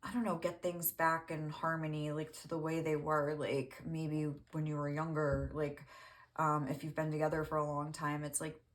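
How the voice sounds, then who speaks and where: A woman's voice: low-pitched, little pitch movement, moderate pace. A woman reading tarot cards, talking casually and rambling with many fillers. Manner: rambling, lots of "like", laughs often. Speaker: tarot reader.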